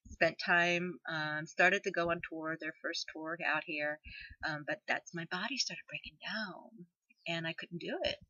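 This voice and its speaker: A woman's voice: on the low side, steady tone, a little slow, sharp tone, dry recording, highs cut off. A woman telling a personal story, rambling with fillers, swinging between laughter and tears. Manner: emotional, laughing and tearful in turns.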